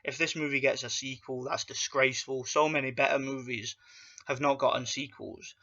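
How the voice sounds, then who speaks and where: A man's voice: medium pitch, flat delivery, moderate pace, creaky, pushed and bright, muffled recording. A man giving a casual, ranting movie review in a blunt, profane and dismissive way.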